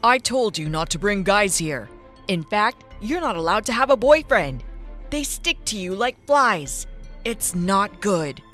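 A woman voicing a stern, hot-tempered middle-aged father, a retired officer who scolds loudly and bluntly. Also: fairly low pitch, lively intonation, unhurried, few pauses, soft background music, voice pushed down. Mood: angry, scolding.

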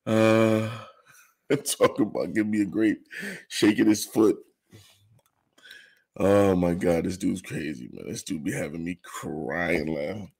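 Man, husky, casual commentary, slangy. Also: low voice, slow, long pauses, darkish tone. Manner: laid-back, laughing often, slangy asides. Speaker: host of an informal online show.

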